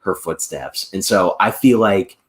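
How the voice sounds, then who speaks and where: A young adult man, a podcast guest, chatting in a relaxed, laid-back way with lots of filler words. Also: sits low, unhurried. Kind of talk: casual podcast chat.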